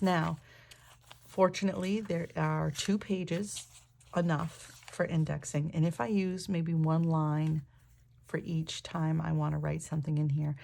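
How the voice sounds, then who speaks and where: A woman with a croaky morning voice, chatting casually and enthusiastically as she shows off a new planner. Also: low-pitched, mellow. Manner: enthusiastic, thinking aloud with fillers. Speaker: planner vlogger. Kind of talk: casual show-and-tell narration.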